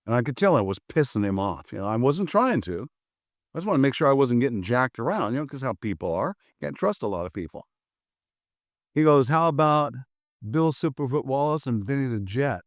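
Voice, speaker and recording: A man's voice: mid-range voice, big pitch swings, brisk, no echo, clean studio sound. An older American man, a martial arts instructor, telling a story casually and acting out both sides of old conversations. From USA.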